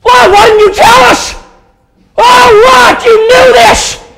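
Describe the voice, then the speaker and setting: A preacher voicing damned men in hell, sobbing and shouting accusations. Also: male voice, very high voice, fairly even intonation, takes it slowly, creaky, very noisy, pitched above the performer's own voice, full character voice. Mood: accusing anguish.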